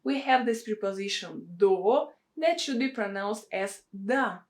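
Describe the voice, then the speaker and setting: A woman with a Russian accent, a native Russian speaker, teaching pronunciation in a deliberate way and repeating words for practice. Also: mid-range voice, expressive. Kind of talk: pronunciation lesson.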